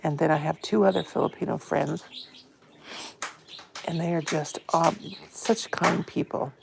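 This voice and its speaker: Fifties woman hosting a casual phone live stream; low, gravelly and a touch hoarse, friendly chatter. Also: fairly even intonation, unhurried, darkish tone, slight background noise. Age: 50s. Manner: chatty, greets viewers by name with pet names. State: a bit hoarse. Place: home, indoors.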